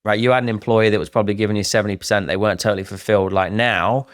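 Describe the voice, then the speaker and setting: A middle-aged man co-hosting a casual podcast, talking in an animated way and acting out what other people say. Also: lowish voice, racing, no echo, studio quality. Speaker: podcast co-host.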